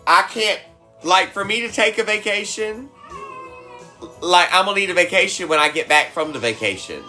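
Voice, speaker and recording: A woman's voice: fairly low pitch, animated, normal speed, bright, forceful tone, soft background music. A woman hosting a casual cooking livestream from home, teasing and laughing often as she chats. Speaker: cooking livestream host and mom. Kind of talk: casual live-stream chat. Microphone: phone.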